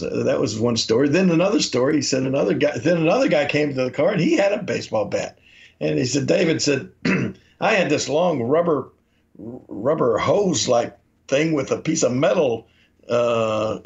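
Gravelly man telling rambling stories. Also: fairly high pitch. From Memphis, Tennessee. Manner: rambling anecdotes, acts out quotes. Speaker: podcast co-host. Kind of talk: casual storytelling. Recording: dull lo-fi audio.

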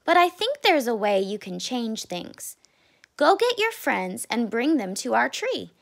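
A woman voicing a gentle, calm mother raccoon in a storybook, speaking in a soft, reassuring way. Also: on the high side, unhurried, gravelly, exaggerated voice.

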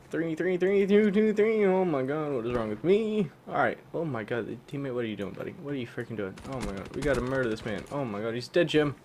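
A young man giving excitable live commentary on a video game, yelping and swapping swears for "fudge". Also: mid-range voice, fairly quick, a little hiss or hum. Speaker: gaming channel host.

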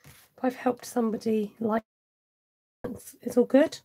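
Woman doing a live card craft stream, higher voice but mellow and a bit breathy, chatting with viewers while she works. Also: steady tone, a little slow. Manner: chatty, reads out viewer comments and answers them; talks aloud while working, with self-mocking asides. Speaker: cardmaking demonstrator hosting a live stream. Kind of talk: casual live craft demonstration.

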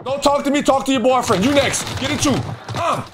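High-pitched man trash-talking boisterously. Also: fairly quick. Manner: boisterous, taunting, swaggering slang. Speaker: streamer commentating his gameplay. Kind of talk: trash-talking gameplay commentary. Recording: gameplay audio with noise behind.

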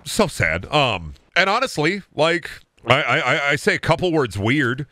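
A man's voice: on the high side, very animated, measured pace, sharp tone, no room sound. Tired midwestern dude in his 20s streaming games, jokey and crude, dry close mic sound. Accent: Midwestern American. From Iowa, US Midwest. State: sleep-deprived. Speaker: gaming streamer. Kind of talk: casual livestream commentary.

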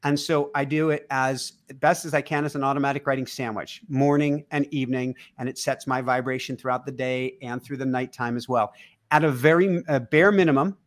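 A man as a guest teacher explaining things in casual conversation, animated and laughing often. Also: mid-range voice, brisk.

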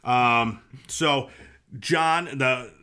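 A man's voice: mid-range voice, extremely slow, pushed and bright, clear, resonant tone. A man hosting a casual podcast chat, rambling with fillers and restarts and acting out quotes. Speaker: podcast host.

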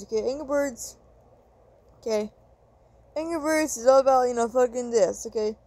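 A woman vlogging an angry rant straight at her viewers, swearing constantly and circling back over the same complaints. Her voice has a soft, mellow tone that sits in a middle register. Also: medium pitch. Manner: profane, frustrated, repetitive ranting.

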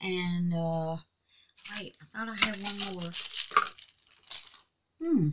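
A woman's voice: lowish voice, takes it slowly, very noisy. A woman hosting a crafting vlog at home, chatting in a folksy, affectionate way and often dropping to a near whisper. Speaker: crafting channel host. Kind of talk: casual crafting vlog chat.

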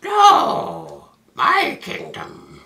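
A man's voice: very slow, sharp tone, roomy sound. A man voicing a menacing female witch in an overblown, screechy put-on voice.

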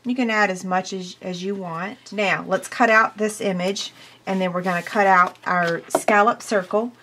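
An American woman giving a hands-on crafting tutorial, chatty and excitable, talking to viewers while she works. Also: mid-range voice, normal speed. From United States. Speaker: craft demonstrator.

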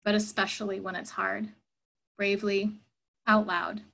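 Woman, reflective sermon, earnest, thoughtful, slow pace, mid pitch. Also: little pitch movement, creaky, bright, forceful tone, a little hiss or hum, low-quality recording.

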